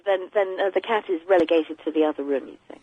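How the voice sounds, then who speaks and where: A woman's voice: lowish voice, quick pace, breathy edge, no room sound. A woman calling a radio show, chatting away with plenty of restarts, heard over a muffled phone line. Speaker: caller.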